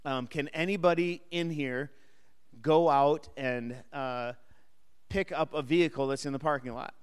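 A man with a smooth, resonant, somewhat high voice leads a Bible class in a church hall. He teaches in a relaxed, conversational way and keeps asking the room questions. His voice carries a long reverb from the hall. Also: unhurried. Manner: engages the class with questions and light humor. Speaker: Sunday school teacher.

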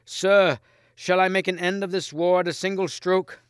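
A man's voice: sits high, fairly even intonation, normal speed, smooth, dry recording, clean studio sound, pitched above the performer's own voice, lightly acted. A man voicing a bold, loyal knight who asks in an urgent, raised voice.

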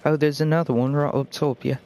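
Brash, foul-mouthed gamer guy doing a hammy fake British accent on a headset, pitched a bit high, faint noise behind. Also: steady tone, quick pace. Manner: exaggerated put-on British accent, calling people mate and wanker; brash, abrasive, swears constantly. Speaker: gamer playing with random teammates. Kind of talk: profane gaming banter over voice chat.

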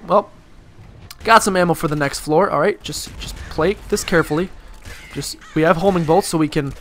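A man's voice: on the high side, fairly bright tone, slight background noise. A man with a slightly raised voice talks through a video game run. He rambles through loose tangents and pokes fun at his own play as he goes. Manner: rambling, self-deprecating, jokey asides. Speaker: let's play commentator. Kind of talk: casual gameplay commentary.

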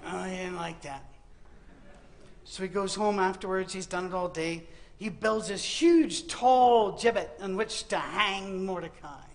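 A middle-aged man with a high-sitting voice speaks unhurriedly in a university auditorium. He preaches a humorous sermon, telling Bible stories with comic asides and acting out the quotes.

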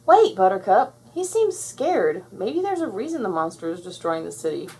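A woman's voice: medium pitch, sing-song, moderate pace, darkish tone, husky, exaggerated voice. A woman voicing a take-charge superhero girl who leads her sisters in a commanding, upbeat way.

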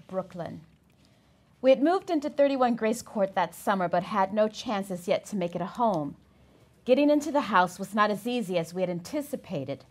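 A woman reads a memoir excerpt aloud to a class, telling the story with expression. Her pitch moves in a lively way through each sentence, at an ordinary middle height. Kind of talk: reading a memoir aloud in a lecture.

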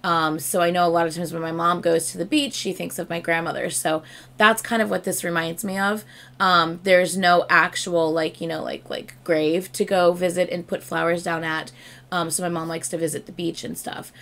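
A woman's voice: lowish voice, little pitch movement, normal speed, gravelly, fairly bright tone. A woman reacting to a music video in casual, chatty commentary, gushing and swearing freely.

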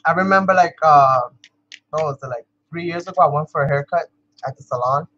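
A woman's voice: deep voice, a little fast, a bit bright, muffled recording. Chatty New woman crafting vlogger. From New York. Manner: chatty, laughs often, talks to viewers as "you guys". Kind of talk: casual chat while crafting.

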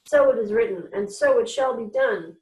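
A woman's voice: fairly high pitch, normal speed, a little mellow, distant mic, close to an everyday voice. A woman reading aloud and voicing a royal chief scribe, a fawning, cruel man who speaks formally. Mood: officious. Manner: formal, officious. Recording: echoey room, voice off-mic.

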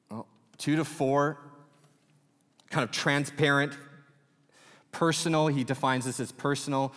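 A man in his thirties preaching a sermon in a relaxed, chatty way with lots of fillers. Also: medium pitch. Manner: casual, animated preaching with many fillers. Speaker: pastor. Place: church auditorium. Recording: reverberant church hall.

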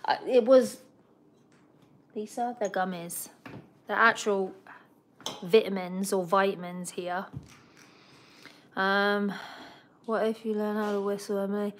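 A woman's voice: mid-range voice, steady tone, unhurried, pauses often, slight background noise. A young woman hosting a casual livestream about her pet bird, chatting and giggling as she talks to the bird and the viewers. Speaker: pet bird channel host.

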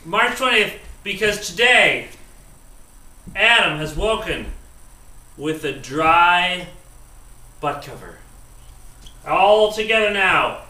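A young father filming his son at home, announcing in a loud, playful, mock-ceremonial way. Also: sits high, expressive, slow, pauses often, distant mic. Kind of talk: home video celebration. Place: room in a family home. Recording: echoey room, voice off-mic.

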